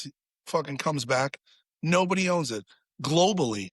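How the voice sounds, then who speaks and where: Guy on a podcast telling a band story, lots of swearing, higher voice, acts out quotes loud, dry sound. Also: normal speed, creaky, no room sound. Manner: animated, swears freely, acts out quotes in a raised voice. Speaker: podcast guest, musician. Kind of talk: casual storytelling chat.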